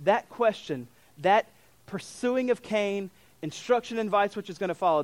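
Man, high voice, dry sound, animated sermon delivery, acts out quotes. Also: moderate pace, dry recording. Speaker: pastor.

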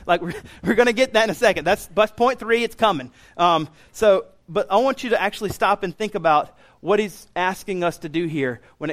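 A man in his thirties preaching a sermon as pastor, animated and getting loud when he acts out what others say. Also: sits high.

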